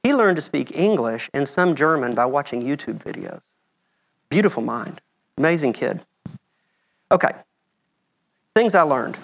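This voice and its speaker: A man's voice: on the high side, sing-song, a little slow, vocal fry, pauses often. Chatty American man giving a slide talk. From United States. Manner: conversational, checks in with "okay?". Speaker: medical mission speaker.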